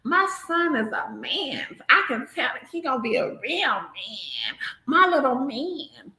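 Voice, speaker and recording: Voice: high voice, very animated, measured pace, pushed and bright, voice pushed up, heavily acted. A vlogger voicing a doting mother who coos and gushes over her little son. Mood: gushing.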